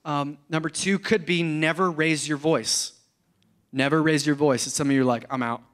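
A pastor preaching a sermon on marriage, animated and acting out quoted spouses in raised voices. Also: male voice, on the high side, moderate pace.

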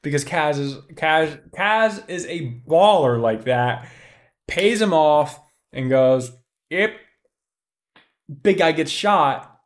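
An excitable young man chatting casually as a podcast host, his voice on the high side. He talks in an animated, loose way, with plenty of swearing. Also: takes it slowly. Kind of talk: excited casual book talk.

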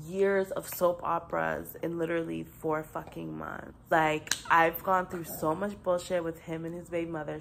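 Brief: young woman, vlogger, low and gravelly, blunt and profane, talking straight to a phone camera. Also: a bit bright, slight background noise. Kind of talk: casual vlog rant.

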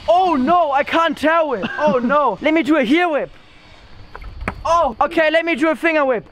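A man hosting a skatepark vlog, teasing his friends and bursting into loud exclamations. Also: very high-pitched, moderate pace, slight background noise. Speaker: vlogger host. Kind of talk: excitable vlog chatter. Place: outdoor skatepark.

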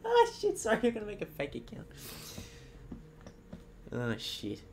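A man's voice: high voice, very animated, unhurried, creaky. A young man streaming a game, just woken up, chatting in a groggy, sweary way and laughing easily. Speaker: livestreamer. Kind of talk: casual gaming stream chat.

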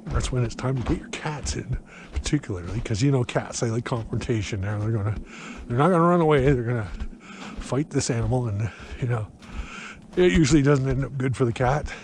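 A man's voice: medium pitch, expressive, a little fast, a little mellow, a little hiss or hum. Rambling middle-aged man, a bit breathless. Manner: rambling, chatty, many fillers. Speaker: gardening vlogger. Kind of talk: casual walking vlog. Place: outdoors in a snowy garden.

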